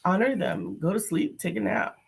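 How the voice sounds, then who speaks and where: A woman's voice: on the low side, huge pitch swings, moderate pace, creaky, breathy edge. A woman co-hosting a motivational show in a casual, upbeat way, often teasing and laughing. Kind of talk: casual chat.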